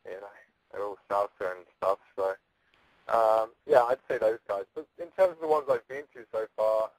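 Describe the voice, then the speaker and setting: A man's voice: fairly low pitch, moderate pace, no room sound, rough recording. A man talking casually as an interview guest, rambling and joking, with frequent restarts and laughs. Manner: rambling, jokey, stammers and restarts. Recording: radio call-in.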